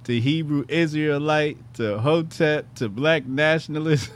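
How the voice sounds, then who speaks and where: A man's voice: on the high side, a little slow. A man casually reacting to a video clip, amused and laid-back, stumbling a little when reading aloud. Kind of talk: casual commentary.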